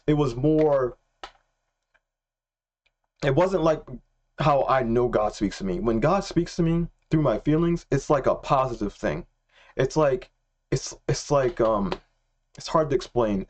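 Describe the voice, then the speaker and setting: Excitable young man telling a story. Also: mid-range voice. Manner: excitable, repeats himself, slangy. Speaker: Christian vlogger. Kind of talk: casual storytelling.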